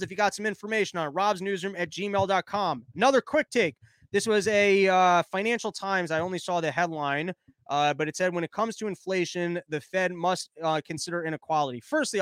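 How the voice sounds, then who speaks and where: A man's voice: sits high, fairly bright tone, clean tone, no room sound. A man hosting a podcast, giving rambling, profane, joking commentary on news stories in a casual chat. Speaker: podcast host.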